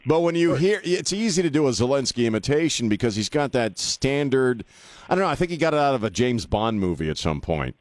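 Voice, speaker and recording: A man's voice: medium pitch, animated, brisk, no room sound. A man hosting a talk radio show, blunt and sarcastic, rambling with frequent restarts. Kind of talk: opinionated talk radio monologue. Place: radio studio.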